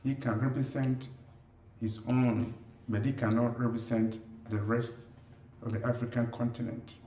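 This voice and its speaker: A man preaching a ministry message, deliberate and halting, with frequent filler sounds between phrases. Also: mid-range voice, level tone, dark tone, reverberant. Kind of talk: preaching commentary.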